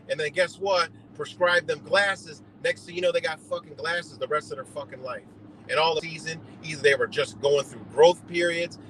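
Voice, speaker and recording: A man's voice: fairly high pitch, fairly bright tone, a little hiss or hum, rough recording. A man ranting heatedly and profanely in a rambling live monologue, streaming from a car on the road. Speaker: livestreamer.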